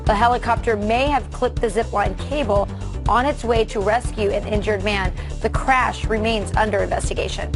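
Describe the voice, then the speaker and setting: Brief: bright anchorwoman, higher voice, headlines over a music bed. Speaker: news show co-host. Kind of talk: reading headlines.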